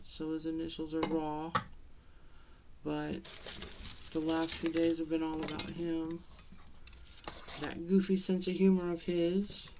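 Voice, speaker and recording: A middle-aged woman talking to the camera in a personal vlog, halting and tearful, with many pauses and restarts. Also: deep voice, noisy background. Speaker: vlogger.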